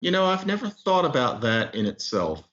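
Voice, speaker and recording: Male expert guest, lively up-and-down delivery, muffled lo-fi line. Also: mid-range voice, moderate pace. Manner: animated storytelling explainer. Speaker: guest author and linguist. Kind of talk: explanatory interview talk.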